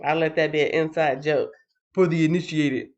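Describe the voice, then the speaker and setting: A woman hosting a casual livestream, who sounds tired after a night shift. She reads out chat comments in an animated, playful way and breaks into sing-song bits. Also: low-pitched, normal speed. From Texas. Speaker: livestream host.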